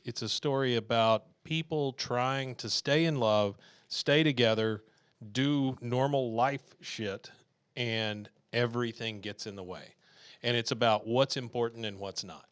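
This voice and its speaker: A man co-hosting a podcast in relaxed, jokey casual chat, recorded on a dry, close microphone. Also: medium pitch, clear, resonant tone, no room sound. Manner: relaxed, jokey, quick back-channel responses. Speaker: podcast co-host.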